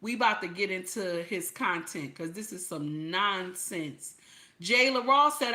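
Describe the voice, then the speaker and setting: A woman with a bright, ringing voice talks back at the clips she plays. She curses freely and hammers each point by saying it twice or three times, in the loose flow of casual commentary. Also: medium pitch, animated, unhurried. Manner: blunt, cursing, repeats herself for emphasis. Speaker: reaction channel host. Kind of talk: profane commentary over clips.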